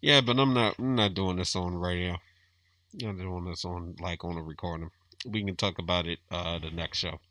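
A man's voice: deep voice, steady tone, normal speed, pushed and bright. A man hosting a podcast, chatting casually in a laid-back, wry way. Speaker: podcast host. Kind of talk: casual chat.

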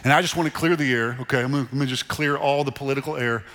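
A middle-aged man preaching a sermon to a church congregation in a conversational, animated way, repeating phrases for emphasis. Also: mid-range voice, racing. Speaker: pastor. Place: church sanctuary. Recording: long reverb of a large hall. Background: congregation in the room.

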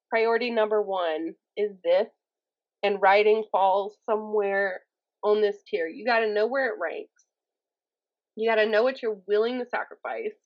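A woman from Mississippi with a Southern accent, a YouTuber chatting as a guest on a podcast, animated and self-mocking, acting out the voices she quotes. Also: medium pitch, lo-fi sound. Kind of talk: casual podcast chat.

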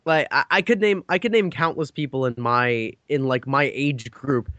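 A man's voice: mid-range voice, normal speed, a bit bright, no echo. A young man in casual chat, telling rambling stories with lots of swearing and laughter.

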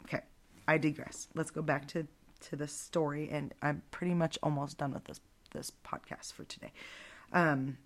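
A woman's voice: low voice, steady tone, moderate pace. A woman hosting a casual Bible storytelling podcast, chatty and digressive, with frequent asides. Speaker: podcast host.

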